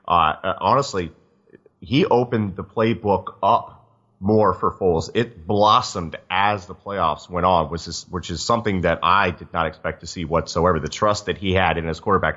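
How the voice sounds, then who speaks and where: A man with a very low voice breaks down a football game on a casual podcast. He talks in quick, rambling runs of analysis, and his audio sounds dull and lo-fi. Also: fairly bright tone. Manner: fast, analytical, many restarts. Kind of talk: casual sports chat.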